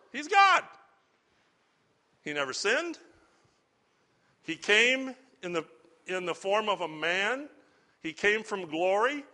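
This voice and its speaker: A middle-aged pastor with a high-pitched, pushed and bright voice preaches a sermon. He is earnest and conversational, putting rhetorical questions to the congregation.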